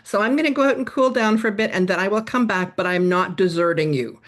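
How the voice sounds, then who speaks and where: A middle-aged woman, a guest expert on workplace stress, answers interview questions in a fast, medium-pitched voice. She's an animated storyteller who acts out the lines she quotes.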